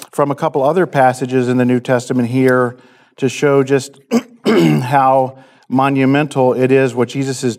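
A male pastor delivers a sermon at a measured, halting pace. He pauses often and leans on filler sounds as he works through his points. His voice sits at an ordinary middle pitch. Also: darkish tone. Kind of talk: sermon and prayer.

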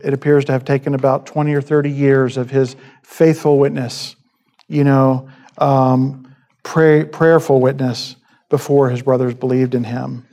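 A man's voice: medium pitch, darkish tone. A middle-aged man giving an informal sermon as a preacher, with many ums and restarts.

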